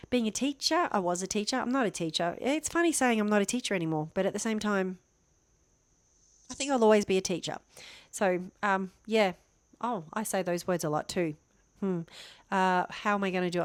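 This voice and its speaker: A woman's voice: medium pitch, no echo. A middle-aged woman and former teacher, talking about herself to camera at home in a chatty, rambling, self-deprecating way. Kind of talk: casual talking-head vlog. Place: home near a main road. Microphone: microphone on a stand facing her, camera turned away.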